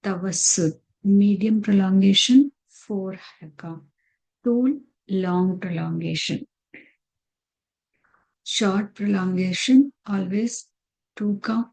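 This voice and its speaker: A woman's voice: medium pitch, slow pace, a little mellow, low-quality recording. A woman teaching a recitation lesson over slides, patiently repeating terms and counts.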